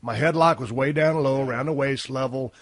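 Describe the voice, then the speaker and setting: A man telling rough, profane, animated stories in a casual podcast chat. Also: medium pitch, a little fast, no echo. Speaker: podcast host. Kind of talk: casual storytelling conversation.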